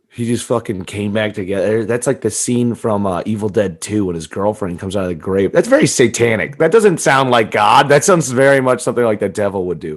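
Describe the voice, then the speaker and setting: A man with a deep gravelly voice, co-hosting a casual comedy podcast, swearing freely and riffing with laughs. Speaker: podcast co-host.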